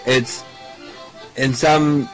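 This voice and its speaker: A man's voice: mid-range voice, steady tone, very slow, a bit bright, soft background music, rough recording. A man co-hosting a casual comedic chat, telling a rambling story and laughing mid-sentence. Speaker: podcast co-host.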